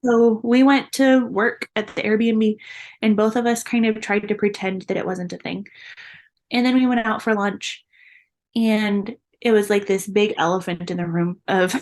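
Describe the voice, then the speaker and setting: A woman's voice: mid-range voice, steady tone, moderate pace, darkish tone. A young adult woman, a guest in an interview, earnestly telling a personal story and laughing often between the hard moments.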